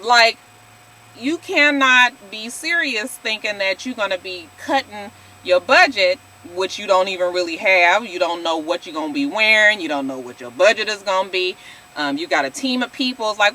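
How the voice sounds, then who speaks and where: Sassy, animated woman in her forties. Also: on the high side, normal speed, slight background noise. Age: 40s. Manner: sassy, blunt, swears freely, addresses viewers as y'all. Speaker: reality TV recap vlogger. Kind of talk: casual profane show recap.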